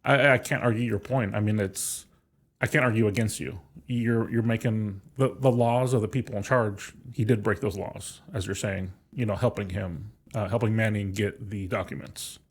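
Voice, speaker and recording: A man's voice: fairly low pitch, steady tone, normal speed, breathy edge. A man co-hosting a casual political podcast, agreeable and a little hesitant.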